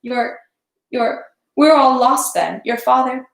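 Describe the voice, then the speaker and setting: Woman reading a distraught old male steward, pleading, tearful, halting, echoey room. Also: sits high, creaky, fairly bright tone. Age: older.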